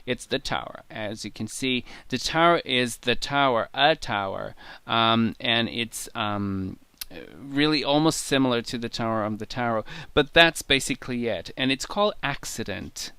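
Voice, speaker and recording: A man's voice: mid-range voice, lively intonation, normal speed, bright, forceful tone, clear, resonant tone, no room sound. A man being interviewed as a guest tarot reader, explaining his decks in an enthusiastic, rambling way. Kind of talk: conversational show-and-tell interview.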